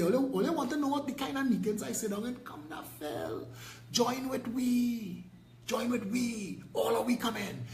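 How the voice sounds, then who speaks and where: Combative high-voiced Trinidadian man ranting. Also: a little mellow, reverberant, a little hiss or hum, rough recording. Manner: combative, preachy, mocking. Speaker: political party leader. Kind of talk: impassioned video rant.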